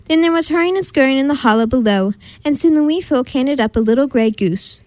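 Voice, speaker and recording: A woman's voice: high voice, a little fast, few pauses, dry recording. Woman reading a storybook aloud. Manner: expressive read-aloud narration. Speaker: host and storyteller. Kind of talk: reading a picture book aloud.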